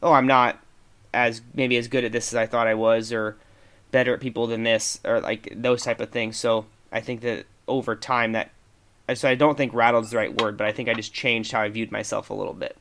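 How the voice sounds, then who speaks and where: A man on a podcast talks in an easy, middle-pitched voice. He hedges nearly every thought and leans on fillers as he works out what he means. His voice stays plain and conversational. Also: level tone, brisk, fairly bright tone. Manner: tentative, hedging with many fillers. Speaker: podcast co-host. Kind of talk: reflective podcast discussion.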